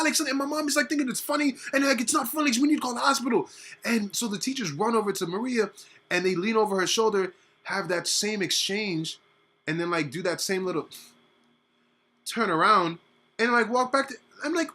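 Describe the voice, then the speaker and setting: Young male storyteller, casual and animated, husky bright voice. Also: high-pitched, normal speed. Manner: animated, lots of "like" fillers.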